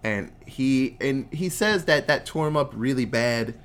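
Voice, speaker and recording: Brief: podcast co-host, excitable and profane, very animated pitch. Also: measured pace. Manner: excitable, profane, laughing often. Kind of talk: casual movie recap.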